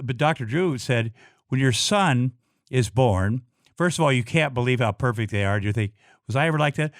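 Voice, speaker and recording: A middle-aged man from Iowa, a guest telling a personal story in casual talk, blunt and swearing often, halting with many restarts and repeated words. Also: medium pitch, fairly bright tone, no room sound, studio quality. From Iowa, USA.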